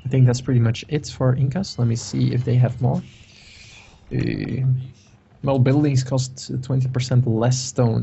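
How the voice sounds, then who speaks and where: A man's voice: mid-range voice, creaky, dark tone, a little hiss or hum. A man casually commentating a strategy game match, chatty, with frequent fillers and laughs. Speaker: game caster. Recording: dull lo-fi stream audio.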